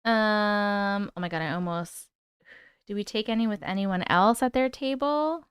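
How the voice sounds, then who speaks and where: A young woman hosting a casual live-stream chat, excited and chatty, swearing now and then. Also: mid-range voice, a little slow, smooth, no room sound, clean studio sound. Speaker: host.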